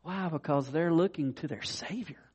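A man preaching a sermon, swinging from quiet asides to loud declarations. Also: on the high side, normal speed, husky. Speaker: pastor.

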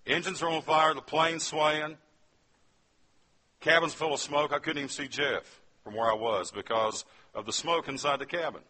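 Man telling his testimony in a sermon, bright sharp voice, kinda husky, keeps asking the crowd stuff. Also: on the high side, fairly even intonation, normal speed. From West Virginia. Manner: storytelling, addresses the audience directly. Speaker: speaker giving a testimony.

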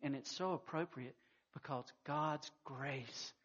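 A fairly high-voiced man preaching a sermon in a folksy, storytelling way. He stumbles into repeated restarts as he goes. The recording sounds dull and muffled. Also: takes it slowly, a bit bright. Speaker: pastor.

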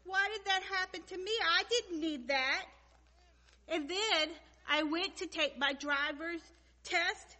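A woman's voice: extremely high pitch, unhurried, bright, forceful tone. A young woman crying through a self-pitying comic prayer, asking why again and again. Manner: tearful, self-pitying, repeating why questions. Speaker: praying woman in a skit. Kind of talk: tearful comic monologue prayer.

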